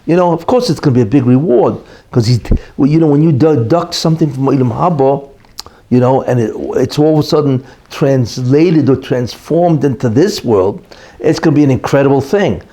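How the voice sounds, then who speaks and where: Mellow-voiced rabbi telling a story. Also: male voice, medium pitch, moderate pace. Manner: conversational, many fillers like "you know"; acts out quoted characters in the story. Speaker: rabbi teaching a class. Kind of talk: informal Torah lecture with storytelling.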